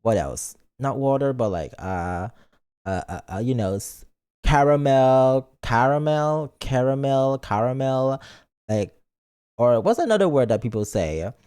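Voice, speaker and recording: A man's voice: on the low side, very animated, moderate pace, warm tone. A man streaming and chatting casually in a playful, rambling way, reading chat messages aloud. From lives in Britain, not British.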